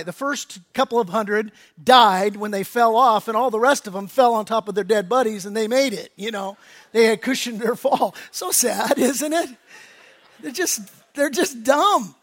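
A male pastor preaching a sermon in a folksy, conversational way, rising loud for emphasis and dropping low and quiet on solemn points. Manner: folksy, conversational preaching with animated swings in volume.

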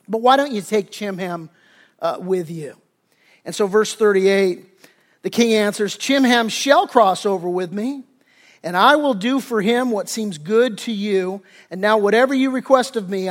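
A male pastor preaching a sermon in a casual, animated storytelling way, often restarting his phrases. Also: sits high.

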